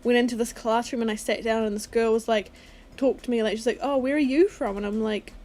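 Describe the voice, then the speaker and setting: A young New Zealand woman co-hosts a podcast, chatting casually in a blunt, joking manner and often acting out conversations. Her voice is fairly high with a flat delivery, a quick pace and a darkish tone.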